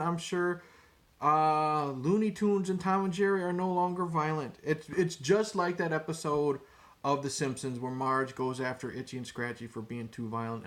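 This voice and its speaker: Rambling, profane male vlogger. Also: fairly high pitch. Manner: rambling, profane, repeats words. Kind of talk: casual opinion rant to camera.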